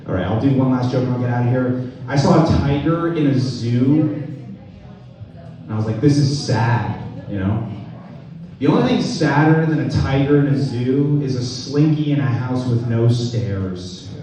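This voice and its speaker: A young man doing stand-up with a deadpan, unhurried delivery, letting each punchline land slowly. His voice is dark and mellow. It is heard from a distance in a very echoey club room. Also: mid-range voice. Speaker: stand-up comedian. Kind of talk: stand-up comedy set. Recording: echoey room from far off the mic.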